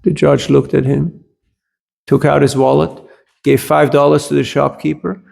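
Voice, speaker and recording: A man's voice: fairly high pitch, level tone, moderate pace, vocal fry, a little mellow. A man giving a scripture class, telling anecdotes in a conversational way and often checking in with his listeners. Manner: switches briefly into German.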